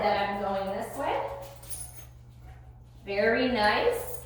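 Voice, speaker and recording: A woman's voice: mid-range voice, sing-song, slow pace, long pauses. A woman training her dog on a leash, who mixes short praise like "good boy" with explanations to viewers. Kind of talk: live dog-training commentary. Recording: very echoey with faint noise.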